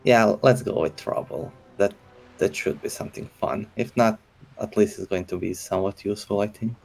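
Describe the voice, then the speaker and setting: A man's voice: lowish voice, moderate pace, gravelly, darkish tone, soft background music. A man playing a tabletop game, thinking aloud and hesitant about choices. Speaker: player. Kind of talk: casual chat at a game table.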